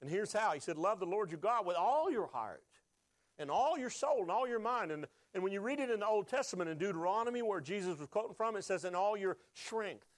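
A man's voice: high-pitched, expressive, fairly quick, no room sound. A man preaching a sermon, emotional at times and drawing the congregation into call-and-response. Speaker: pastor.

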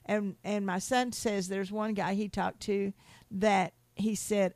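A middle-aged woman, telling stories in a sermon, rambling and restarting, climbing high when she preaches about God. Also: flat delivery, slow pace, a little mellow, no room sound. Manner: rambling, repeats words and restarts, laughs between stories. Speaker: speaker giving a testimony talk. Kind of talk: sermon-style storytelling.

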